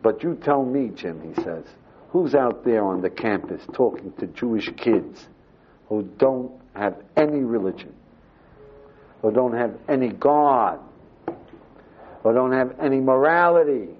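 Animated older rabbi telling a story. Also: male voice, mid-range voice, normal speed, breathy edge. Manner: animated storyteller acting out dialogue. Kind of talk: storytelling talk. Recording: dull lo-fi recording with faint ambience.

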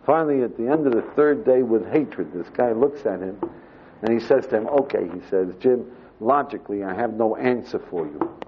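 An older man, a rabbi, telling a story with lively acted-out dialogue, on a dull lo-fi recording. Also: fairly low pitch, moderate pace, slight background noise. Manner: animated storyteller acting out dialogue. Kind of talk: storytelling talk. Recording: dull lo-fi recording with faint ambience.

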